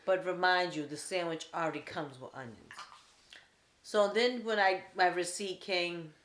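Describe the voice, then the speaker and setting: A woman's voice: on the low side, measured pace, fairly bright tone. A woman casually retelling a restaurant mix-up in a blunt, matter-of-fact way. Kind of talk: casual storytelling. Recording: echoey room.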